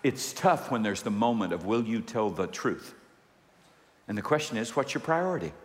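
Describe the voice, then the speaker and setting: A man preaching a sermon, animated, acting out quoted voices and calling for responses from the congregation. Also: lowish voice, normal speed, a little hiss or hum. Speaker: pastor. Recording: long hall reverb.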